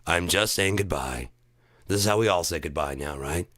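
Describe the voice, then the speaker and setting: A man's voice: deep voice, big pitch swings, normal speed, fairly bright tone, dry recording, studio quality. A man ranting sarcastically and profanely, mocking people and slipping into put-on voices. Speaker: comedic commentator. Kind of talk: sarcastic solo rant.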